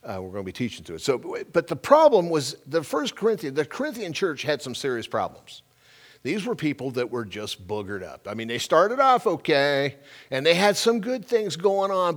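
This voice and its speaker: A man preaching a sermon in a folksy manner, reading scripture aloud slowly and emphatically and asking the congregation questions. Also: mid-range voice. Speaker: pastor.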